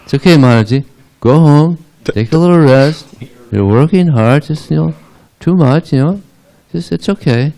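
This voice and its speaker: A kindly mother , put on by a male storyteller, speaking high and soft. Her tone is soothing and a little amused. She sounds like a character in a told folk story. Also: expressive, moderate pace, gravelly, few pauses.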